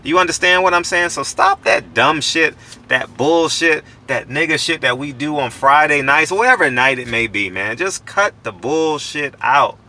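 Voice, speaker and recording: A man's voice: on the high side, moderate pace, bright, forceful tone. A man in his forties giving casual motivational advice to other men, emphatic and profane, repeating himself for weight. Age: 40s. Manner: preachy, repetitive, profane and emphatic. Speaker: channel host giving life advice.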